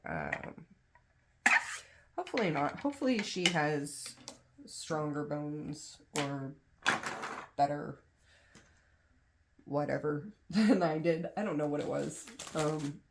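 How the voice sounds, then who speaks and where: Her deep voice animated yet slow, a young woman vlogs about crafts while sorting supplies at home, kids in another room. The recording is very noisy, and she talks with long pauses, rambling, filling gaps, and teasing herself.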